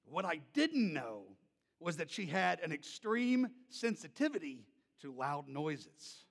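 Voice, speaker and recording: Man preaching, lively up-and-down voice, fairly high pitch, long church reverb, animated storytelling. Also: takes it slowly, vocal fry. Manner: loud, animated storyteller who drops to soft tones. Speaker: pastor. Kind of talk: sermon storytelling.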